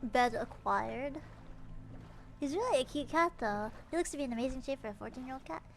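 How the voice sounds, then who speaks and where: A woman's voice: high-pitched, lively intonation, fairly quick, creaky, faint music behind. A woman streamer chatting playfully while gaming, repeating phrases with exaggerated emphasis. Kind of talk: casual game livestream chatter.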